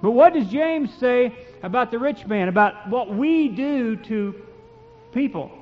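A male preacher with a strikingly high voice delivers a folksy, impassioned sermon and reads King James verses aloud. The sound is dull and lo-fi, and a long reverb trails through the church hall. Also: lively intonation, a little slow, faint music behind.

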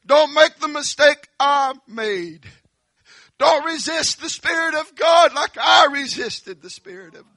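A preacher voicing a tormented man shouting from hell. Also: very high voice, creaky, dry recording, clean studio sound, pitched above the performer's own voice, heavily acted. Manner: shouted, desperate pleading. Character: anguished rich man crying out from hell.

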